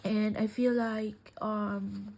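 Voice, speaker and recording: Slow-talking, gushing woman. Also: medium pitch, flat delivery, vocal fry. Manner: gushing, emotional, often dropping to a soft whisper. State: teary. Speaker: craft vlogger. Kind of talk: casual unboxing chat.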